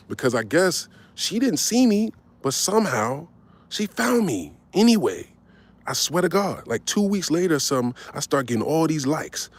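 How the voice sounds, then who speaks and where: A man's voice: on the high side, no echo. A man in his forties telling a personal story in casual, profane talk, tagging his lines with "right?" and acting out both sides. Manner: animated, swearing, tags lines with "right?".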